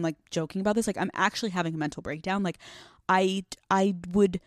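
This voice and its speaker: Woman in her thirties, solo podcast host, casual and profane, self-deprecating, mid-pitched, dry close mic. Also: dry recording. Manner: candid, profane and self-mocking, with lots of fillers.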